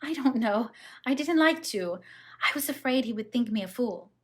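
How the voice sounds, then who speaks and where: A woman's voice: on the high side, animated, normal speed, pitched above the performer's own voice, natural voice. A woman reading the lines of a shy, anxious young bride in an audiobook, in a hesitant, flustered manner.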